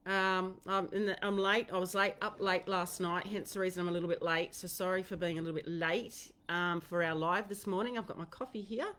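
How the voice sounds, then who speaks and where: A woman's voice: on the low side, fairly even intonation, a little fast, hardly any pauses, fairly bright tone. An Australian woman chats casually while hosting a live online Q&A session. Her talk rambles, with frequent fillers and restarted sentences. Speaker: host of a horse-training Q&A livestream. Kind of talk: casual livestream chat.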